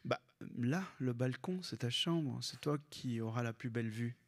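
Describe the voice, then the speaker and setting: A man's voice: medium pitch, moderate pace, lightly acted. Teasing, brusque teenage big brother, read by a man in his own voice.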